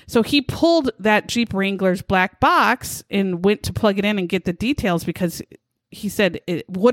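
A woman's voice: mid-range voice, dry recording. Blunt, foul-mouthed woman telling a crime story. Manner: blunt, profane, indignant storytelling. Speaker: podcast co-host recounting a true crime case. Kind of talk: casual chat.

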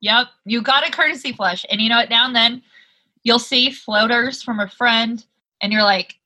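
A woman co-hosting a casual comedic chat, wry and teasing, with deadpan swearing. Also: fairly high pitch, moderate pace. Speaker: podcast co-host.

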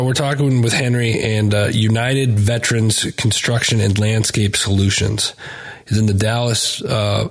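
Low, husky-voiced radio host. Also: male voice. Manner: relaxed, laughs along, brief reactions. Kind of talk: radio interview hosting.

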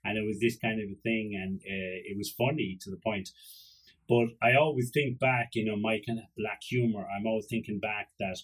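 A man's voice: lowish voice, fairly even intonation, moderate pace, fairly bright tone, breathy edge, poor audio. A man with an Irish accent hosting a podcast, rambling through joking stories about his dog, swearing and acting out little voices. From Ireland. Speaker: podcast host. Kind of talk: casual solo podcast monologue.

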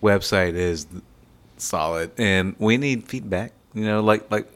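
A man's voice: on the low side, a little slow, fairly bright tone. A man co-hosting a casual podcast, rambling goofily and filling gaps with fillers. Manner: rambling, goofy, lots of fillers. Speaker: podcast co-host.

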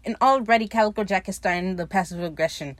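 A woman talks through a TV episode in loose, profane chat, laughing often as she goes. Her voice sits at an ordinary middle pitch. The recording is dry and close, with no room sound. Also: quick pace, no echo. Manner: chatty, swears freely, laughs often. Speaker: podcast host recapping a TV episode. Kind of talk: casual, profane episode recap.

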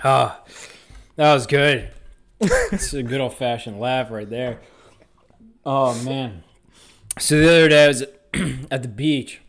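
A man from the US East Coast co-hosting a casual comedic chat, animated and acting out street characters in loud bursts. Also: medium pitch, takes it slowly, pauses often. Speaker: podcast co-host.

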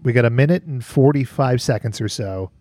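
A man's voice: mid-range voice, fairly quick, warm tone, no echo, clean studio sound. A man hosting a casual podcast, wry and laughing, swearing now and then. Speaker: podcast host.

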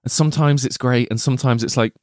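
A man's voice: mid-range voice, steady tone, quick pace, darkish tone, no room sound, clean studio sound. A man co-hosting a film podcast, playful and jokey, often laughing as he talks. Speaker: podcast co-host. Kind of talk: casual film discussion.

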